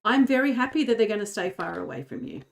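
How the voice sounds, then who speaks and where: A woman's voice: fairly high pitch, lively intonation, fast, gravelly. A woman streamer chatting casually while she plays a game, giggling and rambling. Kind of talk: casual gaming chat.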